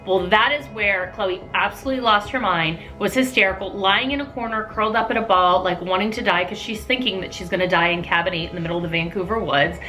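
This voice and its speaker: A middle-aged woman and mother, telling a family story in a casual, animated vlog style. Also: medium pitch, fast talker, hardly any pauses, soft background music. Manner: lively, animated, laughing storyteller.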